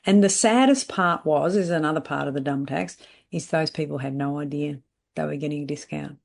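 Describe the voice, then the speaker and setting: A woman's voice: deep voice, a little fast, gravelly, darkish tone. A middle-aged woman coaching salon owners in a podcast monologue. She is blunt and emphatic and keeps checking in with "right?". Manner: blunt, emphatic, repeats catchphrases and asks "right?".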